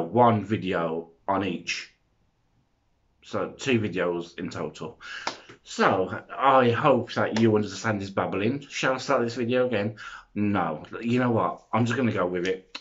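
A young man, chattering excitedly and rambling through a makeup review vlog, filmed on a front-facing phone camera. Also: lowish voice, muffled recording. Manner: excitable, rambling, self-interrupting. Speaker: makeup vlogger.

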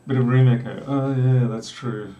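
A man's voice: medium pitch, steady tone, normal speed, dull audio, background noise. Australian man, distant mic in echoey room. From South Australia. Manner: rambling, joking asides while typing. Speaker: programmer live-streaming. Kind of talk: casual live coding chat. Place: small room with a door.

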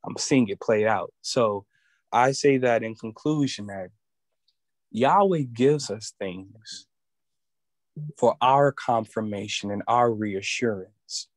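A man sharing a personal religious testimony in an earnest, halting way, often restarting as he looks for words. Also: fairly low pitch, no room sound. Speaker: student giving testimony.

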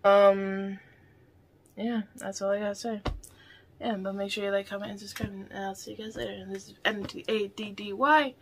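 A woman vlogger reacting to a film in a casual, rambling, excitable way. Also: medium pitch, moderate pace, noisy background.

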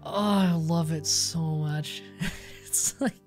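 A woman's voice: low voice, slow pace, a little mellow, faint music behind. A woman streaming a game and chatting casually, rambling, swearing and laughing often. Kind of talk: casual gaming stream chat.

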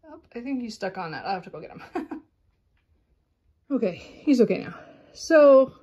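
A woman's voice: fairly high pitch, big pitch swings, moderate pace, warm tone, slightly rough, muffled recording. A woman chatting casually in a home vlog, rambling with frequent fillers while she works around her house, at times out of breath. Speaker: vlogger. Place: home bedroom closet.

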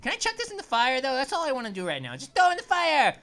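A woman's voice: high-pitched, quick pace. A woman hosting a let's play, chatting casually and jumping at every scare. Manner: excitable and easily startled, chatty. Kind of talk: casual gameplay commentary.

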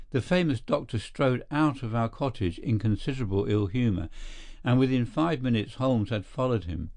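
An audiobook narrator with a medium-pitched male voice delivers scripted narration in a steady, measured storytelling style. The sound is dry and close, with no echo.

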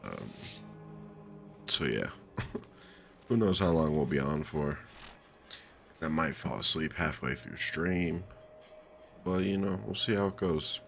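A man's voice: extremely low pitch, unhurried, pauses often, fairly bright tone, soft background music. A tired young man with a groggy morning voice, rambling laid-back commentary while streaming a video game. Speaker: let's play streamer. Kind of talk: casual gameplay commentary.

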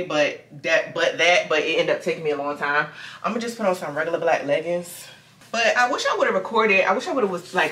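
A woman's voice: fairly low pitch, fairly bright tone. A young woman vlogging at home, talking candidly in a rambling, casual way. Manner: rambling, candid, lots of "y'all" and "like". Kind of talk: casual vlog talk. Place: home, indoors. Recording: echoey room.

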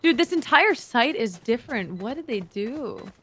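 A woman's voice: a little high, expressive, moderate pace, pushed and bright. A young woman chatting while gaming, playful and teasing, exclaiming often. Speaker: voice actor guest. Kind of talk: casual gaming chat.

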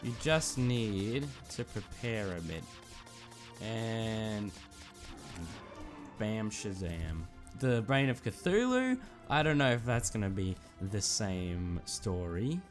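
Young man, gaming commentary, excitable exclamations, animated pitch, faint background music. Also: slow pace. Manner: excitable, frequent exclamations and mild cursing. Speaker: gaming YouTuber. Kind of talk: gameplay commentary.

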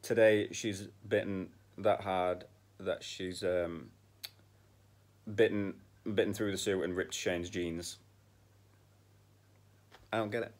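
A man's voice: sits low, fairly even intonation, slow pace, pauses often. A man chatting casually in a vlog about dog training, blunt and swearing when frustrated. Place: outdoors in a field with dogs.

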